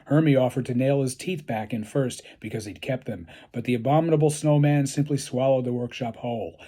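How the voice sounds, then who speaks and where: Husky-voiced man reading a story deadpan. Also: medium pitch, a little fast. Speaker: author reading his own story. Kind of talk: read-aloud storytelling.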